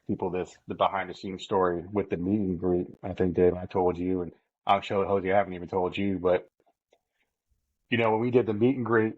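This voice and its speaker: A man on a podcast, casually telling an excited story with plenty of swearing and quoted lines of his own. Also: deep voice, fairly quick, phone-quality sound. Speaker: podcast co-host.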